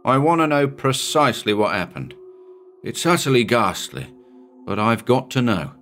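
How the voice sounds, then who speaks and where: A man voicing a cool-headed male scientist aboard a ship, speaking in a grim, measured and decisive way. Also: medium pitch, big pitch swings, a bit bright, soft background music, voice pushed up. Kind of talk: audiobook character reading.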